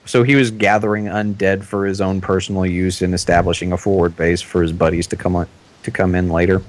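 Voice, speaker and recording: Deep-voiced man running a tabletop game. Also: level tone. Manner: halting, filler-heavy explanations with laughs. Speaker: game master.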